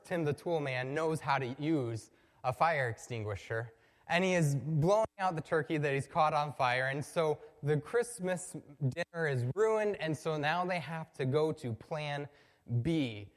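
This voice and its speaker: A man's voice: a little high, measured pace. A male pastor preaching a sermon, telling a story conversationally and building to emphatic points. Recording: long reverb from a large hall.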